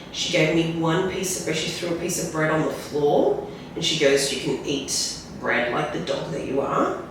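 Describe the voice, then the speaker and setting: A woman guest telling a candid personal story in a rambling, halting way, often tagging lines with "right?". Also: low voice. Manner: rambling, tag questions like "right?"; halting, restarts when emotional. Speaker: podcast guest. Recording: very echoey room, distant mic, faint noise.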